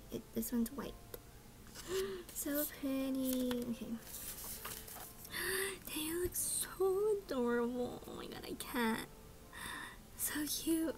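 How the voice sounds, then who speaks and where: A young woman vlogger chatting casually through an unboxing, gasping and squealing with excitement. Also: sits high. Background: background music.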